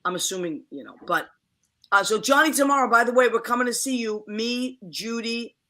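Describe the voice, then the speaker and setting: Chatty bright-voiced woman host. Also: fairly high pitch, brisk. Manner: chatty, animated storyteller. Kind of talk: casual chat.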